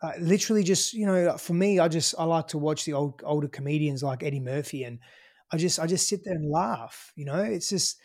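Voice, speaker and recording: Swearing Australian man, higher voice. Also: brisk, a little mellow. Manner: loose and emphatic, swears freely, full of fillers. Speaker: podcast guest. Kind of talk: casual interview talk.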